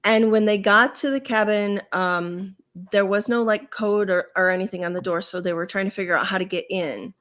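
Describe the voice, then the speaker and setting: A woman in her forties hosting a podcast, telling stories in a relaxed, rambling way. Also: mid-range voice, normal speed, hardly any pauses. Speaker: podcast host. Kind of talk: casual chat.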